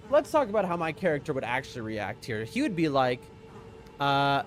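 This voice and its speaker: A man's voice: medium pitch, huge pitch swings, moderate pace, faint music behind. A young man streaming a video game, joking casually and talking to his chat. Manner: joking, chatty, addresses chat. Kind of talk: casual live-stream commentary.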